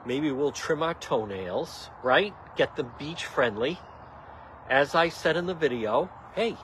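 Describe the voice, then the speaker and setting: A man's voice: fairly high pitch, fairly bright tone, slight background noise. A man hosting a casual livestream, rambling and joking with an indignant edge. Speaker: livestream host.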